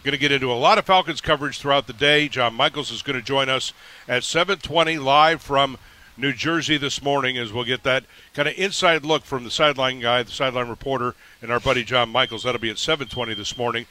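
Fast, bright-voiced man hosting sports radio. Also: medium pitch. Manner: quick, upbeat host who steers the conversation. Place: live remote broadcast at a racetrack. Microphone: broadcast microphone.

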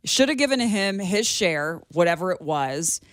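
A man's voice: high voice, animated, unhurried, fairly bright tone, no room sound, studio quality. A man co-hosting a talk radio show, laying out his opinions at length. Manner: opinionated, argues points at length. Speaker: radio co-host. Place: radio studio.

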